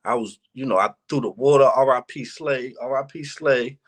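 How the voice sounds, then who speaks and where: A man's voice: mid-range voice, normal speed. A young man in a casual interview, telling stories candidly and reflectively in street slang. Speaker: battle rapper, interview guest. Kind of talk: casual conversation.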